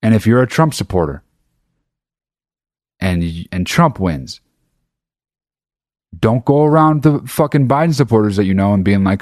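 A man rants to his listeners in a casual monologue, swearing freely and hammering his points home. His voice sits low, and the recording is dry with no room sound. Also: normal speed, long pauses, no room sound. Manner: profane, emphatic, animated. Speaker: podcast host.

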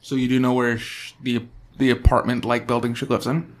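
A man acting as game master narrates a tabletop game, describing scenes in a relaxed way and using fillers. His voice is medium in pitch and he speaks a little fast.

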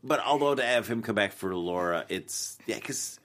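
A man co-hosting a relaxed chat whose pitch swings widely as he talks. He teases his co-host and laughs easily. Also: normal speed. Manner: teasing, laughs often. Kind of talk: casual chat.

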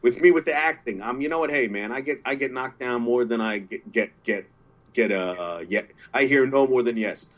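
A man's voice: medium pitch, normal speed, muffled recording. A man guest on a podcast, talking earnestly in casual chat, encouraging his friend and often repeating himself.

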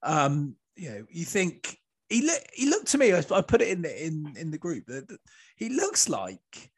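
A man's voice: on the high side, huge pitch swings, normal speed, slightly rough. A man hosting a rugby podcast in casual banter, joking and swearing freely. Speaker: podcast host.

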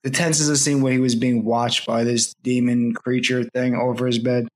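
A man's voice: mid-range voice, level tone, normal speed, darkish tone. Podcast guy in a mid-range voice, earnest, explaining why scenes worked, lots of likes. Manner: earnest, explains his reasoning with many "like"s. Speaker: podcast co-host. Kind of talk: casual chat reviewing a film.

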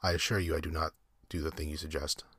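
Man voicing a cruel aristocratic general, suave and mocking, very deep, husky, dry sound. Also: flat delivery, fast talker, a bit bright, no room sound, full character voice. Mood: pleasantly smug. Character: cultured cruel aristocratic male general hunter.

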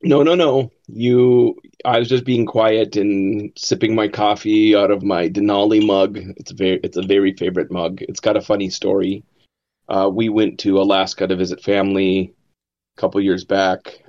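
A man chatting casually in an online group, easygoing as he tells a little story. His voice is fairly low. The sound is dull and lo-fi. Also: steady tone, moderate pace, darkish tone. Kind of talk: casual chat. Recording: dull lo-fi mic.

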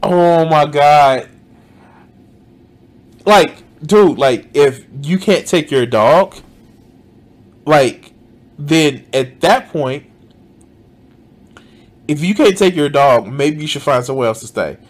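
A man gives casual reaction commentary over a video. He sounds exasperated and swears freely. His voice rides a little high, swings widely in pitch and moves at an unhurried pace. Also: expressive. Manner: exasperated, swears often, frequent "like".

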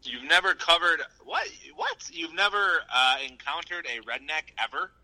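A man co-hosting a podcast, chatting in an animated, joking way. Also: fairly high pitch, moderate pace, low-quality recording. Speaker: podcast co-host. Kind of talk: casual chat.

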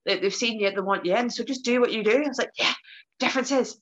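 Bright-voiced woman telling stories. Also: on the high side, fast. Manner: animated, laughs often, acts out quoted dialogue. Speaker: professional wrestler; interview guest. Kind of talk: casual storytelling interview. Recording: dull lo-fi sound.

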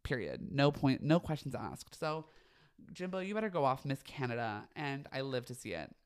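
Young male podcast host, campy and theatrical, gossipy, foul-mouthed, mid-pitched voice. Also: big pitch swings, normal speed, clear, resonant tone. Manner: campy, dramatic, gossipy, swears freely. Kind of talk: casual solo podcast chat.

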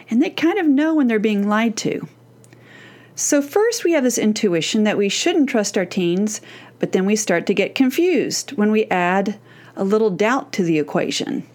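A woman's voice: mid-range voice, very animated, darkish tone. A middle-aged woman, a parenting coach, giving a scripted podcast lesson in an earnest, emphatic way. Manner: earnest and emphatic, slowing down to act out quoted teens.

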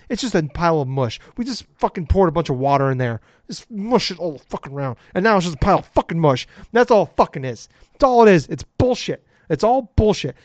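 Heated, swearing man ranting, high lively voice. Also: no echo. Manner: profane, heated and exasperated. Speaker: podcast co-host. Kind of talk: ranting casual chat. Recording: dull lo-fi dry sound.

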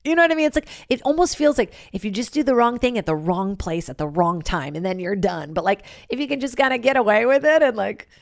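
A woman's voice: fairly high pitch, fast talker, gravelly, few pauses, no echo, studio quality. A woman in her thirties hosting a podcast, telling stories casually with lots of "like" and swearing. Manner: animated, profane, filler-heavy with lots of "like". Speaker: podcast host. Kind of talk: casual comedic storytelling.

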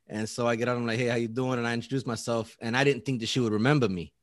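A man's voice: mid-range voice, fairly even intonation, rapid-fire, hardly any pauses, dry recording, clean studio sound. A man casually telling a story, acting out quotes, laughing often and swearing.

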